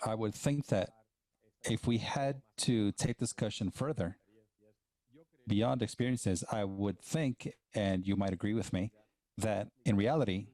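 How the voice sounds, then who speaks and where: A man delivers a plenary talk at a conference in a fairly low, warm voice. He speaks haltingly and often restarts his sentences. The sound is dry and close, with little room around it. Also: no room sound.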